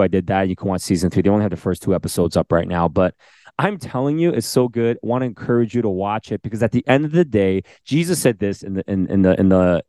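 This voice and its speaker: A man co-hosting a casual faith podcast, excitable and animated, urging his listeners on. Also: fairly low pitch, dry recording, studio quality. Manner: animated, excitable, exhorting the audience. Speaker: podcast co-host.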